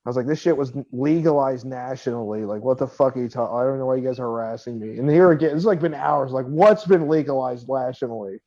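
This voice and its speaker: A man's voice: mid-range voice, fast, hardly any pauses, warm tone, dull audio. A man co-hosting a podcast, telling a long profane anecdote in casual chat and laughing as he quotes the people in it. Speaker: podcast co-host.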